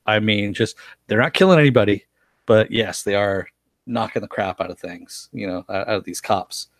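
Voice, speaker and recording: Low-voiced man recapping a show live. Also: moderate pace, dry recording. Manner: chatty, laughs often while retelling scenes. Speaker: show reviewer.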